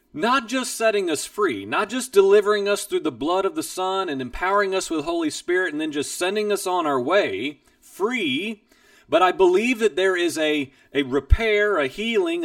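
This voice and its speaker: Male Bible teacher, earnest and emphatic, gravelly high voice, dry distant sound. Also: no echo. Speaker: Bible teacher and program host. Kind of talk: personal testimony teaching.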